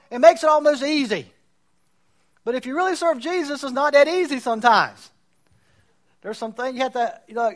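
A man with a very high, slightly bright voice preaches a sermon as a pastor. He builds his case and puts on mocking voices to quote people he disagrees with.

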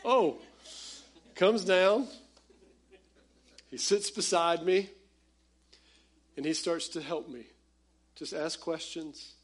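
A pastor preaching a conversational, animated sermon that speaks straight to his congregation. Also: fairly high pitch, measured pace, long pauses.

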